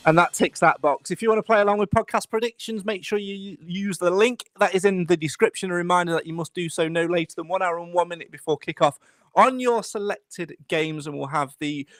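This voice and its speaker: A man hosting a football podcast, chatty with brisk announcements between segments. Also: high voice, a bit bright, no echo, faint music behind. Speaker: podcast host.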